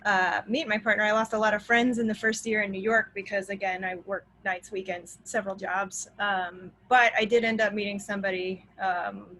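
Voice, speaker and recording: A pregnant woman in her thirties on a video-call panel, speaking candidly in a bright, forward voice. Her sentences often trail off softly. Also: mid-range voice, level tone, moderate pace, few pauses, poor audio. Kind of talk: casual panel talk.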